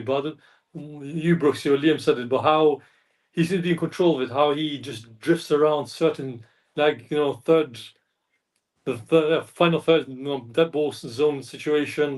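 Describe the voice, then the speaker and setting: Man, slightly high voice, a fan panelist who rambles and keeps apologising; picked up from a distance. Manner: rambling, apologetic, self-correcting. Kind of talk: casual chat. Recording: distant mic.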